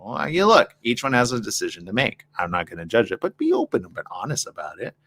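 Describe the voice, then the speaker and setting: Animated male talk show host. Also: mid-range voice, quick pace, no room sound. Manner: animated, acts out both sides of arguments; addresses the ladies in the audience directly. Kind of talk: talk show monologue, casual advice.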